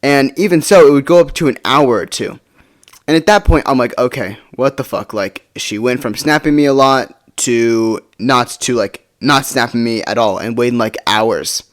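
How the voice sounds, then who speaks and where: A man's voice: mid-range voice, normal speed. A teenage boy from the United States telling a casual storytime, rambling with lots of fillers and swearing.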